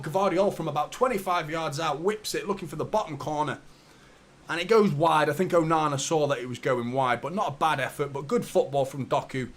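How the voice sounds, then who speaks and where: Excitable fan commentating live. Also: male voice, a little fast. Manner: excitable play-by-play, jumps to high excited shouts. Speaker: football fan channel host.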